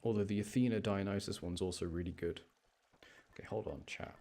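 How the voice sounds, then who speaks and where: A man's voice: sits low, brisk, darkish tone, a little hiss or hum. A young man chatting casually to his live chat while he plays a game, rambling from thought to thought. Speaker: live streamer.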